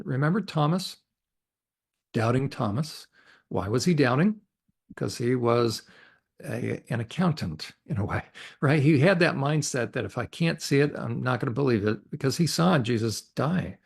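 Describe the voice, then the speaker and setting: A man's voice: medium pitch, gravelly, husky. A male counselor speaking as a podcast guest in an earnest, faith-based teaching talk, emphatic and posing rhetorical questions he answers himself.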